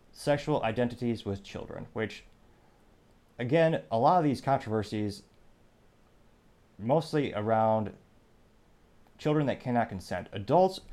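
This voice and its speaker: A man with a low voice hosting an opinionated news podcast. He talks in a conversational way and drops in sarcastic, wry asides. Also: darkish tone. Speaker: podcast host.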